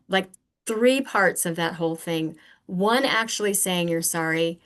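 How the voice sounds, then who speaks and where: An older woman who is a podcast guest, telling earnest personal stories in a candid, animated conversational way. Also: lowish voice, normal speed. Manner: earnest, animated, acts out remembered exchanges.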